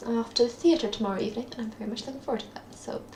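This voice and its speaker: Rapid-fire and a little high, with a darkish tone, a young Scottish vlogger talks through her daily video diary in a rambling, self-mocking way, um-ing often. She's indoors at her parents' home. The room is echoey, and there's a little hiss or hum.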